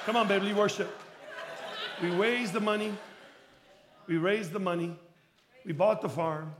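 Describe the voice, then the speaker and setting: A male pastor from Chicago preaching a sermon, telling a story and acting out the dialogue, with bursts of shouting for emphasis. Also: sits high, unhurried, pauses often, background noise.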